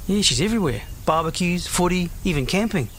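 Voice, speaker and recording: A man's voice: high-pitched, expressive, a little fast, a bit bright, a little hiss or hum. A man acting an upbeat, chatty friend in scripted ad dialogue. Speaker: ad actor.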